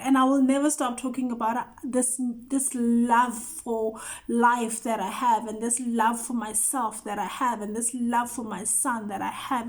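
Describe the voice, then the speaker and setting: A woman's voice: fairly high pitch, darkish tone. A woman hosting a show, giving an earnest personal testimony and repeating phrases for emphasis. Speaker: host.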